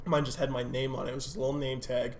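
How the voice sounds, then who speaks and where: A man's voice: mid-range voice, racing, slight background noise. A young man co-hosting a podcast, telling a workplace story in casual chat and laughing through it as he swears freely. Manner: laughs through his stories, lively swearing. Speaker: podcast co-host.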